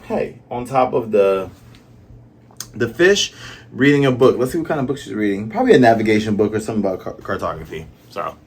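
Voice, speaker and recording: A man's voice: lowish voice, expressive, fast talker, a little mellow, husky. Chatty Southern-raised man reviewing manga. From American South. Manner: chatty, musing, lots of fillers. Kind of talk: casual commentary.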